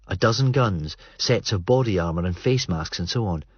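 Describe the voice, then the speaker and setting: Deep guy reading a novel, husky, dry muffled sound. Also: lively intonation, no echo. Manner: measured, understated. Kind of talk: audiobook narration. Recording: muffled dry studio read.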